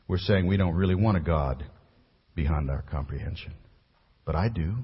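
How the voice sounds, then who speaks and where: Low husky preacher guy, loud peaks then quiet drops, church echo, kinda dull lo-fi sound. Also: animated, a little fast. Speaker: pastor. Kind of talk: sermon. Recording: muffled recording with long hall reverb.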